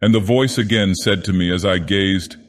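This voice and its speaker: A man's voice: low-pitched, normal speed, natural voice. A man voicing a grandiose, menacing ancient god-villain as he narrates a horror tale solemnly. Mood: brooding. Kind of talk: dramatic horror reading. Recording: long reverb.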